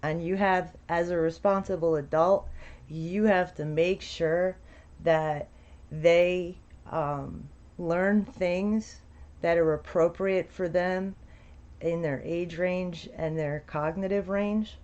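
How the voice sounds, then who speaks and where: A woman's voice: on the low side, steady tone, slow pace, darkish tone. A woman giving blunt, sarcastic reaction commentary on a streamer's video, swearing freely. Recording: dull lo-fi recording.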